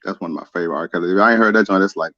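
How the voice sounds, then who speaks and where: A man joining a live stream as a guest musician, talking in a relaxed, hesitant way. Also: low voice, very fast, no room sound, lo-fi sound. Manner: relaxed, hesitant, with many fillers. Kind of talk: casual live-stream chat.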